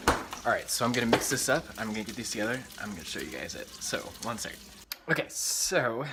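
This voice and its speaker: Over a frying sizzle, a young man rambles excitedly in a casual cooking vlog from his home kitchen, cursing often and leaning on "like" as filler. He speaks fairly quickly at medium pitch, and the audio is poor.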